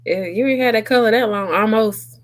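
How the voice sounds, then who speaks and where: A woman co-hosting a casual talk show, her voice sitting a touch high. She speaks bluntly and with emphasis. She laughs easily between points. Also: fairly quick. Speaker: podcast co-host. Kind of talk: casual chat.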